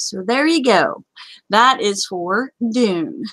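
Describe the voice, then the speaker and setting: Chatty, bright-voiced woman host. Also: mid-range voice, lively intonation, slow, dry recording, rough recording. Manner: chatty, apologetic, rambling. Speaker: livestream host. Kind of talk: casual live show chat.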